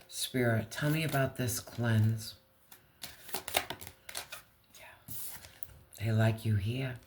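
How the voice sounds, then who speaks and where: A tarot reader gives a casual reading, addressing the viewer directly in blunt slang and swearing freely. The voice is mid-range and slow-paced, with background noise in the clip.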